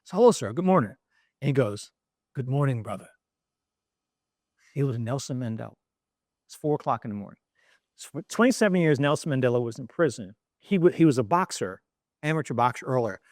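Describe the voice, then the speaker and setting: A middle-aged man from East Baltimore, a journalist telling an animated anecdote in an interview, with frequent restarts. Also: mid-range voice, fast talker, no echo, clean studio sound. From East Baltimore, USA.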